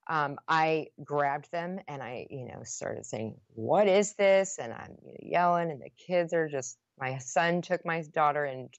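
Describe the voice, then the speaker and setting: A woman's voice: deep voice, unhurried, few pauses, dry recording, dull audio. A woman guest on a podcast, earnestly retelling a painful personal story with many restarts.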